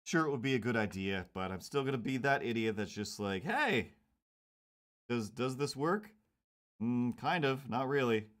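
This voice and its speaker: A man's voice: mid-range voice, brisk, hardly any pauses. A man chatting casually while drawing comics on a stream, rambling with jokey mock outrage and slipping into silly voices.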